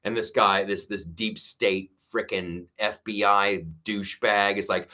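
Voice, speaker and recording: A man with a bright, tense voice hosts a political commentary monologue. He rants with sarcasm and plenty of profanity. He mocks his opponents in put-on voices. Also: lowish voice, steady tone, measured pace, few pauses. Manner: mocking mimicry of opponents. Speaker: show host.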